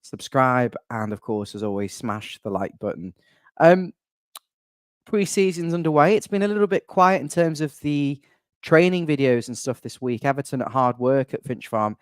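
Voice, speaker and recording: Chatty fan-show host, dry sound. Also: male voice, medium pitch, lively intonation, normal speed, clean tone, no echo. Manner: chatty, wry, rambling asides. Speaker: channel admin and host. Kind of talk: casual fan podcast chat.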